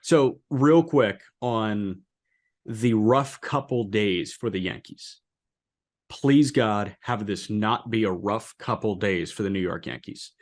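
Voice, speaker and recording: This co-host of a casual sports podcast takes his time, speaking slowly but with animated disbelief. When he lands a point, his voice shoots up into an emphatic high register.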